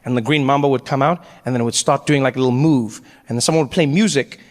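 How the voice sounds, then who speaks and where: A man telling a story in a stand-up comedy set, animated and acting out each character. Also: mid-range voice, quick pace, long reverb tail. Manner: animated, acts out every character.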